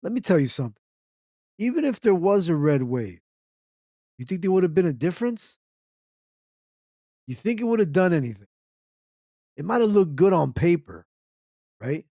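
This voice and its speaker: Man, internet radio host, ranty live commentary, rhetorical questions, slightly high voice, dry sound. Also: mellow, no echo. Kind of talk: ranting live-stream commentary reading chat.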